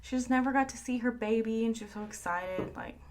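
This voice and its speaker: A woman's voice: fairly high pitch, fairly quick. Chatty woman podcast host telling a story. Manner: chatty, storytelling, laughs often. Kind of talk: casual chat.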